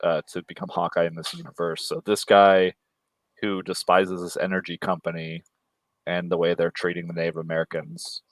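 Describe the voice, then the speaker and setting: A low-pitched man talks in a blunt, profane, casual way on a livestream. His voice sits very low and the sound is dry and close, with no room around it. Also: level tone, moderate pace, dry recording. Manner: blunt, profane, mocking voices when quoting. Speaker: co-host.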